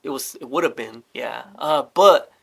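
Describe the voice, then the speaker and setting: A young man casually telling a story, animated and swearing often as he acts out what people said. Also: mid-range voice, moderate pace, creaky. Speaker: storyteller guest.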